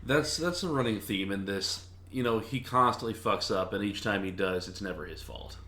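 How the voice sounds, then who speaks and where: A man's voice: fairly low pitch, normal speed, sharp tone. Man making dry asides. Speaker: podcast co-host. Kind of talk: casual film review chat.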